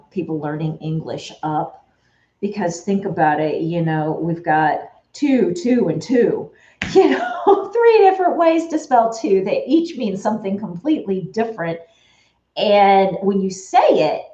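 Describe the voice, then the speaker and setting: A woman's voice: fairly low pitch, mellow. A woman chatting casually while she works, rambling through her thoughts with lots of fillers and restarts. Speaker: Etsy shop owner. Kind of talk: casual chat while working. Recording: echoey, dull lo-fi room recording.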